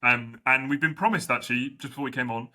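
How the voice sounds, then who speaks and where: A man hosting a casual podcast over a video call, chatty and quick to laugh. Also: medium pitch, sharp tone. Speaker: podcast host. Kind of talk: casual chat.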